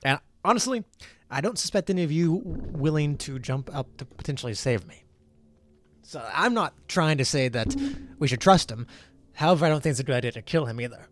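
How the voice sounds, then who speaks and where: A man voicing a weary male prisoner who gives measured, grim warnings. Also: fairly high pitch, lively intonation, natural voice. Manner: measured, warning, matter-of-fact.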